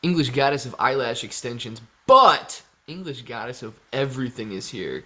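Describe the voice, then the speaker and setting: A man's voice: mid-range voice, expressive, unhurried, pushed and bright. A man hosting a casual live stream, reading out viewer comments and greeting people by name in an upbeat way. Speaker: livestream host.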